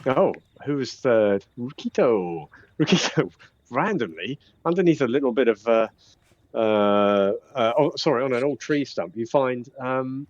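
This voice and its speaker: A man's voice: mid-range voice, expressive, unhurried, dry recording. A man narrating as dungeon master for a tabletop game, chatty and laughing, with many fillers and restarts. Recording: dull lo-fi sound.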